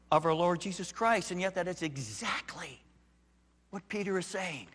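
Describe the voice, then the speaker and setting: A man preaching a sermon as pastor, dramatically swinging between loud emphatic lines and hushed ones, acting out the quoted voices. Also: high voice. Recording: long reverb of a large hall.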